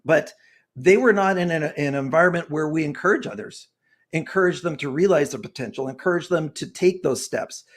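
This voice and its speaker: A man's voice: a little high, brisk. A man in his sixties, a guest author speaking in an interview, earnest and fervent, talking like a preacher. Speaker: guest author and personality expert. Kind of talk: passionate interview talk.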